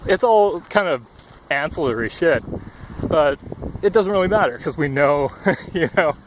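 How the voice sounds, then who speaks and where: Slightly high and expressive, a young man's voice moves unhurriedly as he vlogs outside, panting a bit and rambling with frequent swearing and fillers. It's a loose, casual monologue. His headphone cord mic captures faint traffic by the busy road, cars rolling past.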